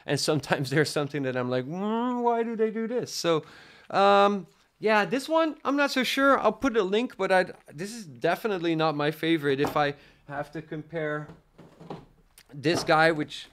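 Hosting a laid-back live product review, this young Dutch man from the Netherlands chats with his viewers, rambling and using lots of fillers. His voice is a little high and a bit bright, with a moderate pace and a faint Dutch accent. He is a tech livestream host.

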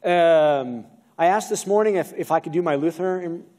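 A pastor with an American accent preaches from the pulpit of a church sanctuary, asking the congregation questions as he goes. His voice is fairly high and darkish in tone, at a normal speed, captured by a video-recorded pulpit mic.

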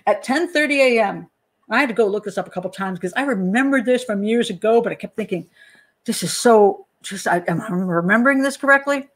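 Casual and animated, a woman in her role as criminal profiler and true-crime channel host walks through a case in a mid-range voice. Between thoughts she talks to herself while checking notes, and she dramatizes the panic of the parents involved.

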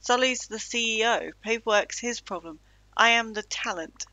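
A woman's voice: a little high, moderate pace, sharp tone, no echo, poor audio. A woman reading aloud the lines of an anxious, defensive male monster from a game. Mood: indignant. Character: anxious male one-eyed monster, self-styled talent.

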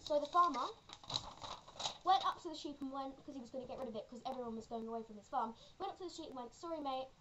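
A young woman with a high voice tells a goofy joke at home, wandering and giggling as she goes. The recording carries a clear layer of noise under her. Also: quick pace. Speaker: joke teller. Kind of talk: playful home video joke telling.

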